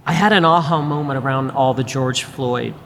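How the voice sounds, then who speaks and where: A middle-aged American woman speaking as an interview guest, emphatic and animated, drawling "y'all" and checking in with "right?". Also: a bass voice, moderate pace, a little hiss or hum. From United States. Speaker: guest, business school dean. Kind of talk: candid conversational interview. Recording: reverberant room.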